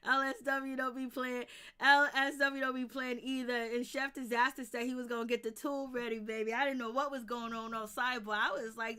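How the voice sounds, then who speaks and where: A woman's voice: high-pitched, pushed and bright, clean tone. Chatty, profane woman hosting a livestream. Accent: Baltimore. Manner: loose, profane and chatty, greets viewers by name. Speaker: livestream host. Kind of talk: casual late-night livestream chat.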